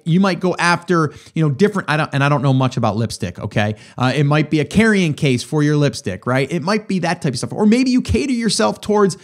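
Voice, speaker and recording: Guy host talking through advice, kinda higher voice, casual coaching tone. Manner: conversational, coaching, frequent "right?" check-ins. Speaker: podcast host. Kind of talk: casual advice answering a listener.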